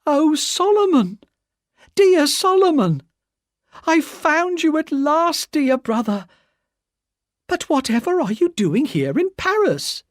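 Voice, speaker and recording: A woman voicing an emotional, excitable middle-aged lady who cries out in a high voice in a read-aloud story. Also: slow pace, long pauses, no room sound, studio quality, heavily acted. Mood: overjoyed. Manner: high, crying out.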